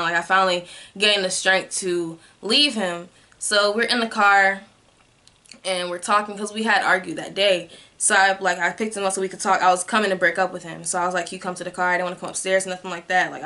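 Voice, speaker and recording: Bright-voiced young woman telling her story. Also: medium pitch. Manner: candid, heavy use of "like" as filler. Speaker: vlogger. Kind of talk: personal storytime vlog.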